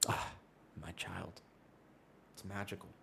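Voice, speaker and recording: A man doing a hushed, serene mother. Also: deep voice, flat delivery, slow pace, creaky, slightly rough, pitched below the performer's own voice, heavily acted. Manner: hushed, reverent, mock-sentimental. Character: gentle wise mother, soft and serene.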